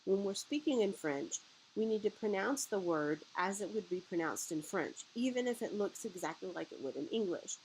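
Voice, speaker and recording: A woman's voice: medium pitch, animated, normal speed, darkish tone, slight background noise, low-quality recording. A woman teacher giving a guided video lesson, patiently explaining words step by step. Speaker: French teacher.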